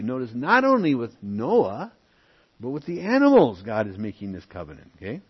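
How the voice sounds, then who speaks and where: A man's voice: medium pitch, wildly swooping pitch, moderate pace, breathy edge. A man teaching a Bible lesson, reading verses aloud and stopping to explain them with asides. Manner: reads verses aloud, then comments with asides. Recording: muffled lo-fi recording.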